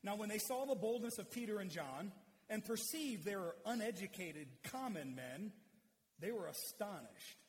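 A man's voice: high-pitched, expressive, normal speed, slight background noise. A man preaching an expository sermon in a conversational, explanatory way. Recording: long hall reverb.

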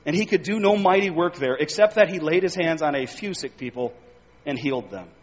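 Male preacher, high voice, breathy, expository sermon, long hall reverb, muffled recording. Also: lively intonation, a little fast. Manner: expository preaching, reading scripture aloud with emphatic rises.

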